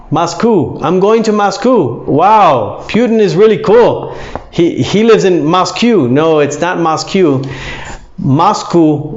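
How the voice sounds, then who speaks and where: Man slowly drilling English pronunciation. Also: a little high, dull audio. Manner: repeats words slowly, drawn out for drilling. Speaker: English teacher. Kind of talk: pronunciation lesson.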